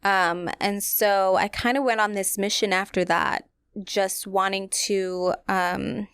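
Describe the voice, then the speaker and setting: A woman's voice: medium pitch, fairly even intonation, slow pace, a bit bright, clean tone, no echo, clean studio sound. A young woman, hosting a podcast and candidly telling a personal story to her listeners in a casual, chatty way. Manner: candid, conversational, many fillers, addresses listeners directly. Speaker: podcast host.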